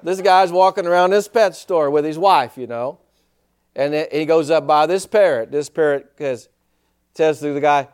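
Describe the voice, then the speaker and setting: A male pastor preaching a sermon in an animated way, full of rhetorical questions and chuckling asides. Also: on the high side, normal speed, clear, resonant tone.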